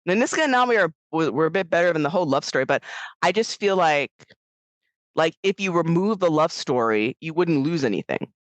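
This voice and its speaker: A woman co-hosting a podcast, chatting casually about a film, animated and laughing often as she acts out lines. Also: low-pitched, brisk, no room sound, low-quality recording. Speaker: podcast co-host. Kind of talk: casual film review chat.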